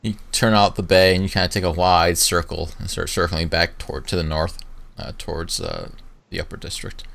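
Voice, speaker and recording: Man, game master, very deep voice, casual rambling narration. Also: animated, moderate pace, gravelly, few pauses, a bit bright. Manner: loose narration full of fillers like "kinda" and "like".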